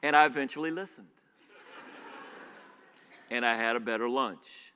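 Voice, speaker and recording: A man preaching a sermon in a church, animated, shifting between loud emphasis and quiet asides and putting questions to the congregation. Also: medium pitch, normal speed, pauses often, smooth. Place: church sanctuary. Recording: live church sermon with long hall reverb.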